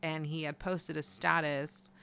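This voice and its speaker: A young woman co-hosting a casual podcast, relaxed and giggly, often trailing off mid-sentence. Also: sits low, measured pace, gravelly, slight background noise. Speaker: podcast co-host. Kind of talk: casual chat.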